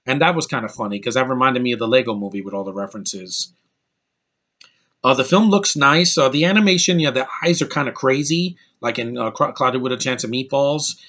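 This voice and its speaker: A man's voice: medium pitch, lively intonation, fairly quick, pushed and bright. A man in his thirties giving a casual movie review, rambling and blunt, with frequent restarts and profanity.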